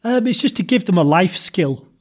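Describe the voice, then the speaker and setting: Laughing man, slightly high voice. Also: expressive, normal speed, husky. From Yorkshire, England. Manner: laughs often while telling stories. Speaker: podcast co-host. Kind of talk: casual chat.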